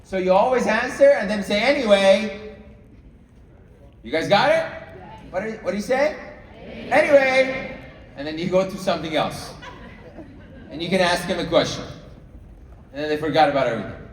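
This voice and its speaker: A man's voice: high voice, expressive, quick pace, long pauses, slight background noise. Man coaching a crowd in an echoey hall. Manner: coaching, checks in with the audience often. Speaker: sales trainer. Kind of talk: live training talk to a room. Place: large room with an audience. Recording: echoey hall, mic far off.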